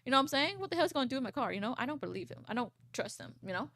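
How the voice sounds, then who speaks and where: A woman in her twenties, a VTuber, chatting casually and reading posts aloud on stream, rambling and swearing, with a froggy, croaky low voice. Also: big pitch swings, very fast, a bit bright, no room sound, studio quality. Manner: rambling, swears, laughs often.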